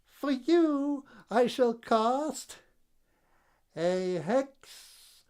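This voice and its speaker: A woman voicing a spiteful old swamp witch who casts hexes in slow, grand, high-pitched proclamations. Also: expressive, darkish tone, clear, resonant tone, heavily acted. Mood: gloating.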